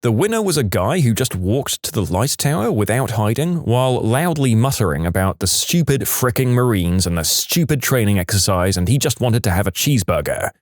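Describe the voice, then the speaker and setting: A man reading reddit stories aloud in a lively storytelling manner. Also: a little fast, hardly any pauses, no room sound, clean studio sound. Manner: lively storytelling with wide pitch swings. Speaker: story narrator.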